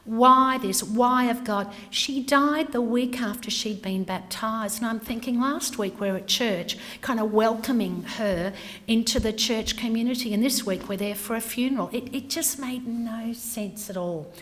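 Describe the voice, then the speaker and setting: A woman's voice: on the high side, moderate pace, a bit bright. Candid woman speaking in a hall. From Australia. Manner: candid, emphatic, drops to a whisper for weight. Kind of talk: personal talk on grief. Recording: hall with long reverb.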